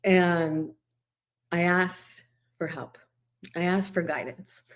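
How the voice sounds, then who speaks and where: A woman's voice: fairly low pitch, steady tone, takes it slowly. A middle-aged woman hosting a podcast, telling a personal story in a candid, reflective, conversational way, with many fillers along the way. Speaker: podcast host. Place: lives in Hawaii.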